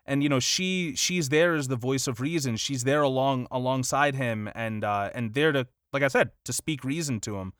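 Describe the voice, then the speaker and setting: A man co-hosting a podcast in casual chat, animated and quick to laugh. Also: medium pitch, dry recording, clean studio sound. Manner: animated, laughs often, tries playful accents. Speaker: podcast co-host.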